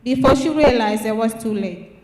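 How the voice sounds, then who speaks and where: A teenage girl reading her own poem aloud at a public reading, earnest and halting with restarts. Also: on the high side, noisy background. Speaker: student writer. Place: church hall at a public reading. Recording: echoey church hall from far off.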